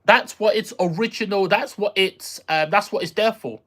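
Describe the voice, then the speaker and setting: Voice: mid-range voice, moderate pace, a bit bright. A streamer chatting casually with viewers on a live stream, rambling, repeating phrases and trailing off while searching for words. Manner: reacts aloud to viewer messages. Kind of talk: casual livestream chat with viewers.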